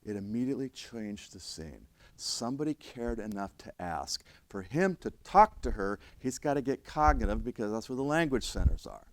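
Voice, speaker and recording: Low-voiced older man telling a story. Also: lively intonation, normal speed, no echo. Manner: emphatic, with frequent restarts and swings in loudness. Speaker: fire service instructor. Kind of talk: storytelling lecture.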